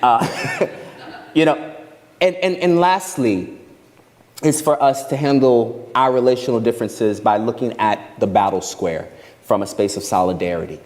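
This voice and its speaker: A man's voice: mid-range voice, a little slow, a little mellow. A man preaching a sermon as guest minister, emphatic and folksy, repeating his phrases for weight. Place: large church hall. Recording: long hall reverb with instrument behind.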